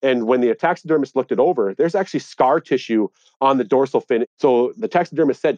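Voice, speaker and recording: A man's voice: medium pitch, fairly quick, darkish tone, no echo. Man, earnest storyteller, indignant edge; dry, slightly dull recording. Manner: earnest, indignant when recounting. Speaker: interviewee, angler. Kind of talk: conversational storytelling.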